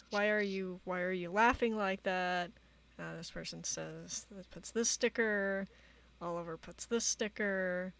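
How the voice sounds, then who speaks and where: A woman streamer giving casual commentary, reading out chat logs in a halting way with many fillers. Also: mid-range voice. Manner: halting, many fillers, reads quotes flatly.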